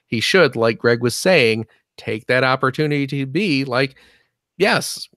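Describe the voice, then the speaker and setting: A man co-hosting a podcast, talking in an earnest, halting way with jokey asides. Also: mid-range voice, fairly bright tone, no echo, studio quality. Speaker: podcast co-host. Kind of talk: casual podcast chat.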